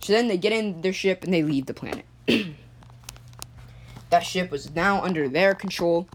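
A woman telling an improvised sci-fi story, rambling with many restarts, a cough, and frequent throat clearing. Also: on the low side, moderate pace, slight background noise.

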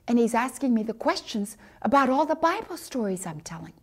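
A middle-aged woman telling a personal missionary story, acting out the dialogue with big jumps in pitch. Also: sing-song, fairly quick, slightly rough.

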